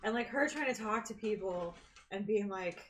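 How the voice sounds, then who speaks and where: A woman's voice: mid-range voice, expressive, moderate pace. A woman player in a casual tabletop game, telling stories and laughing often. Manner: chatty storyteller, laughs often. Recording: noisy recording.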